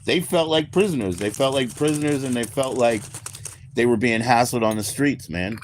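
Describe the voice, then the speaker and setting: A man's voice: mid-range voice, normal speed, a little hiss or hum. An American man chatting casually on a livestream with viewers, rambling, laid-back and swearing freely. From United States. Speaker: livestream host.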